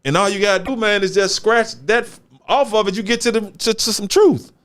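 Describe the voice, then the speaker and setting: A man's voice: sits high, brisk, fairly bright tone, clear, resonant tone. A man hosting a casual talk show, speaking emphatically in street slang and repeating words for stress. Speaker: show host. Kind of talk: casual chat.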